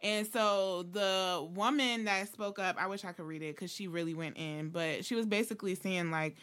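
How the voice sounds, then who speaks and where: A woman's voice: mid-range voice, moderate pace, fairly bright tone, clear, resonant tone. A woman in casual group discussion, a chatty storyteller who trails off and loses her thread.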